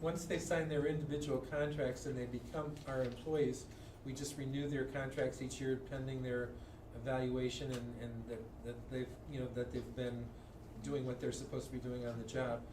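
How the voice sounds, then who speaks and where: A man's voice: medium pitch, moderate pace. A man, a district administrator, explaining a staff pay decision at a school board meeting with some restarts. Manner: flat, plain explaining with restarts. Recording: echoey room, voice from a distance, clear room noise.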